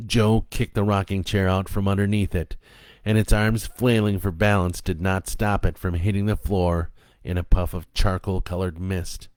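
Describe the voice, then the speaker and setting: A man narrating a dark story in a slow, even, low-key reading voice. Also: no room sound.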